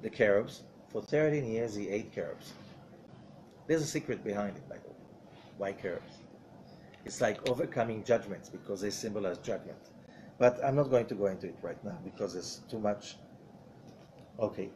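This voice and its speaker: A man's voice: lowish voice, moderate pace, pauses often, a little mellow, a little hiss or hum. A man, a rabbi, teaching a Zohar study lesson in a conversational way, often asking rhetorical questions.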